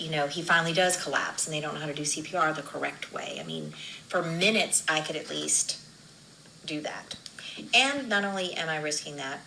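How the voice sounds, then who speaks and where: A woman's voice: low-pitched, expressive, a little fast, gravelly, bright, forceful tone, slight background noise, rough recording. A woman, a nurse, being interviewed for TV news, telling an emotional story, acting out what people said and dropping to whispers at times.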